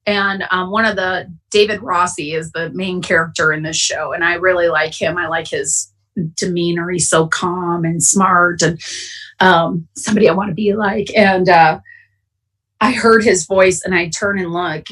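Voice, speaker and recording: Here the Wisconsin woman speaks in a lowish, fairly even voice at a moderate pace, with a slightly bright tone. Joining an online conference from home, she gives an emotional, honest recovery share and chokes up at times, though she sits far from the mic and the recording is rough.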